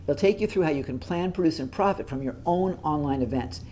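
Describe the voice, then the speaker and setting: A man with a mellow, darker tone hosts and closes with an upbeat pitch to his viewers. His delivery is friendly and promotional, with faint background noise. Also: brisk. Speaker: host. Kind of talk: promotional outro.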